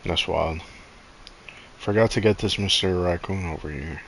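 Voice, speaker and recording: A young man playing a game on stream, muttering to himself in a low-key way between bits of chat. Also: normal speed, fairly bright tone, a little hiss or hum. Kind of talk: casual chat while gaming.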